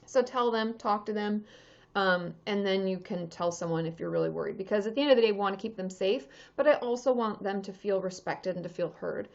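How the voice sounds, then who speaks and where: A woman's voice: mid-range voice, brisk, creaky. A woman therapist chatting casually on a livestream, answering viewer questions with lots of fillers and restarts. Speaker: therapist answering live chat. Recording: dull lo-fi livestream audio.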